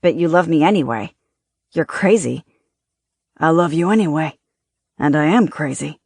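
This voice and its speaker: A narrator voicing a teasing, devoted lover. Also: male voice, fairly high pitch, animated, moderate pace, gravelly, husky, no echo, studio quality, full character voice. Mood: teasing, tender. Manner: warm teasing, affectionate.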